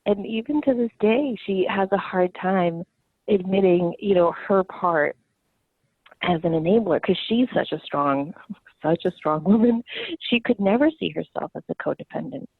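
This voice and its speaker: A woman's voice: medium pitch, moderate pace, slightly rough, no echo. A woman hosting a podcast who talks candidly about her family and laughs often. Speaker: podcast host. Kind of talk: casual conversation. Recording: tinny phone-like line, dry.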